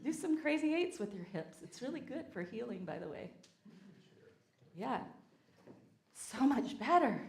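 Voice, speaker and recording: A woman with a Southern US accent delivers a lively, playful sermon, coaxing the congregation into call-and-response. Her voice sits a little high. The sound carries the echo of a church sanctuary. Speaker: guest speaker. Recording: echoey sanctuary.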